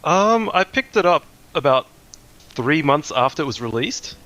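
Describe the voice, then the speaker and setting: A man's voice: on the high side, big pitch swings, unhurried, fairly bright tone, muffled recording. An Australian man from Sydney, a guest player answering briefly and hesitantly on voice chat. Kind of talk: casual voice chat.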